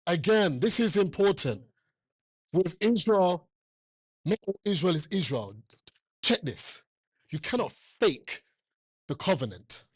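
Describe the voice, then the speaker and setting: In a clean studio recording with no room sound, a man with a high-pitched, slightly breathy voice preaches a sermon. He is emphatic and repetitive, jokes with the congregation, and keeps putting questions to them.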